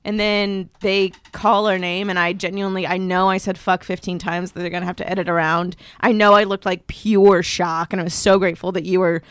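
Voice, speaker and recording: A woman co-hosting a podcast, telling a story in casual chat and acting out the people she quotes in higher voices. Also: level tone, a little fast, few pauses, clear, resonant tone, no echo. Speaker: podcast co-host. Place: podcast studio.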